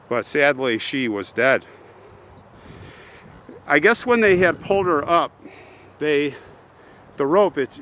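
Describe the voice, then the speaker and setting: A man hosting a vlog, slowly and earnestly retelling a sad story on a walk through a cemetery, with pauses and restarts. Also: a little high, fairly bright tone. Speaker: host. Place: outdoors at a cemetery. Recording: faint outdoor background noise.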